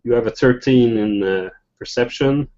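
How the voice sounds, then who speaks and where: A man narrating a tabletop game as game master, halting and laughing between phrases. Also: mid-range voice, a little mellow. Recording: dull lo-fi recording.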